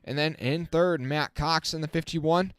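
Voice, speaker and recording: A man giving casual live-stream race commentary as the channel host, chatting with his viewers and getting excited on the restarts. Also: on the high side, measured pace, clean tone, no echo. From not from the South. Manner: self-correcting, talks to the chat.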